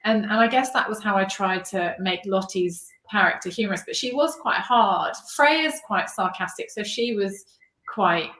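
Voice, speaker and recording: A woman's voice: mid-range voice, normal speed, fairly bright tone. Hesitant woman author in an echoey room. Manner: hesitant, self-deprecating, many restarts. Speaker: author guest. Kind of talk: casual interview chat. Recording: roomy echo.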